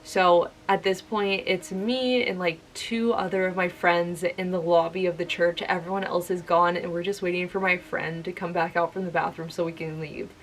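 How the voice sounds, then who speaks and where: A woman's voice: lowish voice, fairly even intonation, moderate pace, few pauses, slight background noise, rough recording. A young woman telling a spooky personal story to camera in a chatty, casual way, full of "like.". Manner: chatty, filler-heavy telling with many "like"s. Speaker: vlogger.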